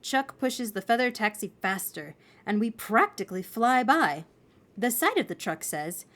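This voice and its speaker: A woman reading a children's novel aloud in an expressive storytelling manner. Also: a little high, a little slow.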